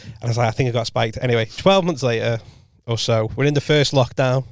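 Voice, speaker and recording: A man tells a long story on a podcast in a loose, chatty way, correcting himself as he goes and dropping his voice low for quoted lines. His voice sits at an ordinary pitch. The studio mic is close and dry, with no room sound. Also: quick pace, no echo. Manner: rambling anecdote, frequent self-corrections and quoted dialogue. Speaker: podcast co-host and comedian. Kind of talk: casual storytelling chat.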